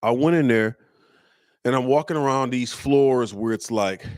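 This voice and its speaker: A man's voice: medium pitch, moderate pace, no echo, clean studio sound. A man hosting his own comedy show, roasting viewers' comments in loose slang and breaking into laughter. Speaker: comedian host.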